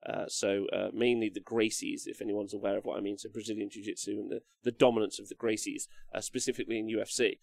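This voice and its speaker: Man, young, livestream host, gravelly voice, dry close sound, rambling and sweary. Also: on the low side, flat delivery, fast, few pauses, no echo. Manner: rambling, swears freely, laughs and reads chat aloud. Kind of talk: casual livestream chat.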